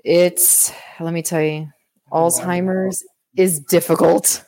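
A woman's voice: lowish voice, flat delivery, takes it slowly, crowd noise. A young woman in casual group chat, talking earnestly about her family.

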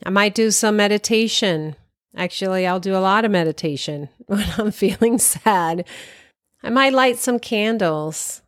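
A woman's voice: medium pitch, unhurried, no echo, clean studio sound. A woman talking directly to the listener with self-care advice, encouraging and often laughing lightly. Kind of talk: casual advice talk.

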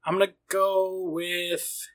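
Blunt, sweary man with a higher voice. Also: flat delivery, takes it slowly, a bit bright. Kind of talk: casual chat.

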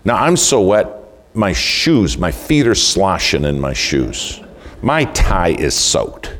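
A man's voice: low voice, very animated, slow pace. A man preaching a sermon, telling folksy stories and asking the audience questions.

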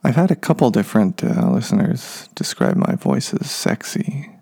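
Swinging widely in pitch, a mid-range, gravelly and dark voice carries this thirty-something podcaster's casual monologue at a normal speed. He drifts from point to point, full of fillers and self-deprecating comments for his listeners.

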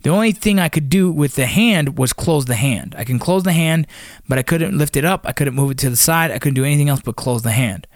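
Man, slightly high voice, dry close sound, profane, animated storytelling. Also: brisk, no echo. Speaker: storyteller recounting army ranger training. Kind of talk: casual spoken storytelling.

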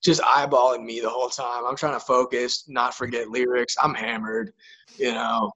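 A man's voice: medium pitch, little pitch movement, moderate pace, bright, forceful tone, slightly rough, lo-fi sound. A young man, a touring musician, telling a rambling story in casual chat, with profane words and lots of filler.

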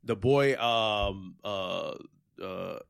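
A man hosting a relaxed group conversation, asking questions and telling stories haltingly, with many ums and uhs. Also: on the low side, vocal fry. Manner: laid-back, halting, with frequent um and uh. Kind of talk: casual group chat.

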